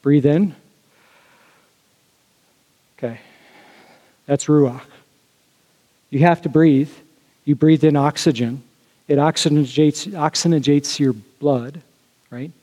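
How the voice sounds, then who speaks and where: A man gives a sermon from the pulpit, speaking in a casual, conversational manner with lots of asides to his listeners. His voice sits a little high for a man. The sound carries a long reverb from a large hall. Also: slow, long pauses, warm tone. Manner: conversational, with frequent fillers and asides to the congregation. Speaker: pastor.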